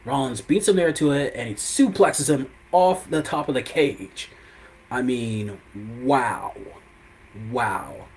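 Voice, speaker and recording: A man's voice: medium pitch, lively intonation, slow, darkish tone, a little hiss or hum, low-quality recording. A man hosting a live show who recaps events in a casual, rambling way, full of "you know" and "I mean.".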